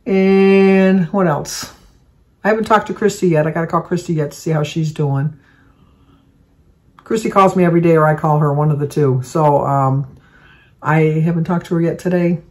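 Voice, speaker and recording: A woman's voice: deep voice, fairly even intonation, moderate pace, a little mellow. An older woman rambles cheerfully to her camera at home, drifting from one small aside to the next. Her talk is loose and chatty, like a daily vlog catch-up. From Michigan. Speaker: vlogger. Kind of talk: casual chat to camera.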